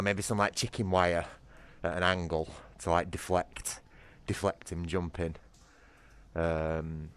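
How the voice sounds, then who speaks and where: A British man chatting casually on a livestream, rambling between coaxing calls to his cat. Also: deep voice. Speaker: streamer.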